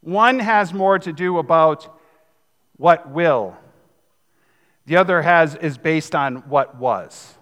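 High-voiced joking male preacher. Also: slow pace, long pauses, a bit bright, big-room sound. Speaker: pastor. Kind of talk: sermon. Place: church sanctuary.

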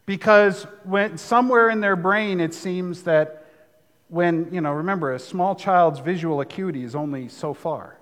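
A man's voice: high-pitched, moderate pace, a bit bright, in a large hall. A man preaching a sermon, talking conversationally with asides. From United States. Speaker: pastor.

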